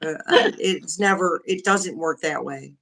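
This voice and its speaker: A woman's voice: low voice, a little slow, gravelly, fairly bright tone. A woman joining a casual livestream chat by video call, speaking frankly and openly with frequent restarts. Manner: candid, frank, restarts often. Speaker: guest.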